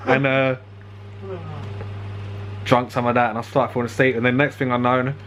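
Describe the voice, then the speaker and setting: A man's voice: mid-range voice, flat delivery, normal speed, fairly bright tone, slight background noise. A young man telling a rambling story casually, laughing often and swearing freely. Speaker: vlogger.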